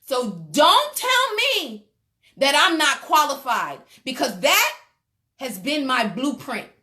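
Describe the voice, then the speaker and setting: A woman's voice: high-pitched, very animated, slow, sharp tone. A woman giving a motivational relationship talk, emphatic and preacherly, speaking straight to her listeners.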